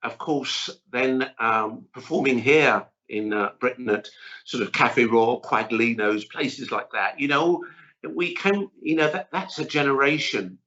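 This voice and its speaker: A middle-aged man chatting as a chef guest in an interview, an animated, rambling storyteller. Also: mid-range voice, a little slow. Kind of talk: casual interview chat. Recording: dull lo-fi audio.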